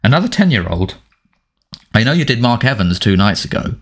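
A man's voice: medium pitch, very animated, a little fast, husky. A man doing a mocking teenage boy. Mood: taunting. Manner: mocking, sardonic. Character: sarcastic teenage boy, defiant and needling.

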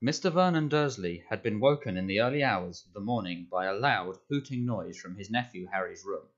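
Low-voiced man narrating a storybook. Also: lively intonation. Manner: measured storytelling. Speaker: audiobook narrator. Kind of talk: scripted narration. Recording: dull lo-fi audio.

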